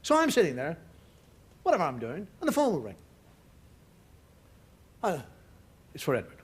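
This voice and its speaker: A man performing a stand-up comedy monologue, animated and exasperated, sometimes breaking into shouts. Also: a little high, moderate pace. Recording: loud audience laughter and noise.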